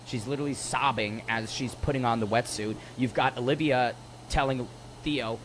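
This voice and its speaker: A man co-hosting a podcast, recapping a reality show in casual chat, animated and exasperated, swearing now and then. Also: mid-range voice, moderate pace, a little hiss or hum. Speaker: podcast co-host.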